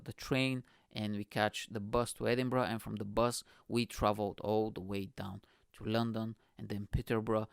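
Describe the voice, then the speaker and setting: A man's voice: medium pitch, creaky, smooth, dry recording, studio quality. A man from Bulgaria hosting his own show, telling a story in a casual monologue, swearing a lot and acting out the other people's lines. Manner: animated, swears a lot, acts out quoted voices. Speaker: podcast host.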